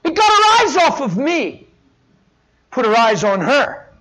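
A middle-aged man preaching a sermon as pastor, impassioned, dropping to a hush and rising to shouts. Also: very high-pitched, huge pitch swings, a little slow, low-quality recording. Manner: impassioned, swings from hushed to shouting.

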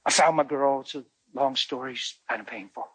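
A male pastor telling a story in his sermon, emotional and conversational, moving between hushed and loud delivery. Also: medium pitch, a little fast, husky, no room sound, poor audio.

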